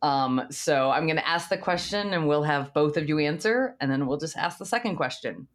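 A woman's voice: sits low, lively intonation, normal speed. A woman co-hosting a casual farm podcast, asking guests questions in an upbeat way. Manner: upbeat, laughs easily between questions. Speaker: podcast co-host.

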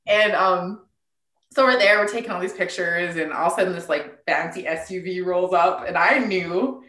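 A woman who is a tribal entrepreneur tells a story in a casual interview, animated and laughing as she acts out what people said. Her voice is fairly low at a moderate pace, and the sound is roomy.

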